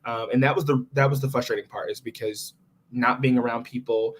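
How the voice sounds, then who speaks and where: A young adult man, a recent college graduate, talking as a guest in a casual conversation and telling his story with animated frustration. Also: medium pitch, brisk.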